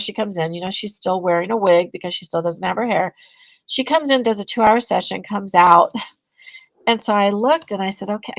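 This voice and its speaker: Woman telling a story on a podcast, animated, plays both sides of the convo, dry close sound. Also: mid-range voice, dry recording, rough recording. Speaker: guest, energy healing business owner. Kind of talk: casual storytelling in a podcast interview.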